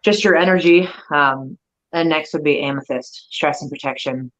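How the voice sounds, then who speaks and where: A woman's voice: low-pitched, moderate pace, highs cut off. A woman, a guest, chatting and explaining things simply over a video call. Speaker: guest, crystal seller. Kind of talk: casual chat.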